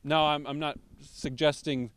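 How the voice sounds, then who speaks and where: Emphatic male pastor, smooth voice. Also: on the high side, steady tone, a bit bright, dry recording. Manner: emphatic, slows down to stress key words. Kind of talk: sermon.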